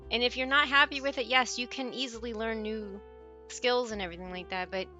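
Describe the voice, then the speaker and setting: A woman's voice: fairly high pitch, steady tone, brisk, pushed and bright, faint music behind. A woman streaming, chatting casually with her viewers in a rambling way and laughing often.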